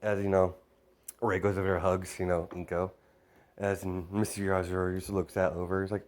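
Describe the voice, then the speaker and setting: A man's voice: sits low, little pitch movement, moderate pace, a little mellow. A man improvising a spoken fan story, rambling with constant fillers and restarts.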